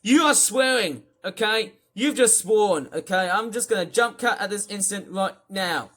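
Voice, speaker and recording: A young vlogger ranting angrily to camera, repeating themselves and swinging from slow, drawn-out complaints into shouting. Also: medium pitch, expressive. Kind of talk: angry rant to camera.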